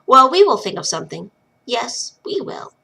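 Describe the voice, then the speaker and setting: A stubborn young girl who stands up to adults and fiercely protects her little brother, as a woman reading aloud voices her. She sounds emotional and defiant, with a bright tone. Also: a little high, big pitch swings, normal speed, vocal fry, breathy edge, voice pushed up, heavily acted. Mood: tender.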